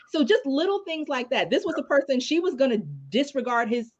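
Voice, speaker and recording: A woman criminal law attorney, a guest telling stories in a casual, animated way with many fillers. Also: high-pitched, a little fast, hardly any pauses, dull audio. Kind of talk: casual storytelling in a live discussion.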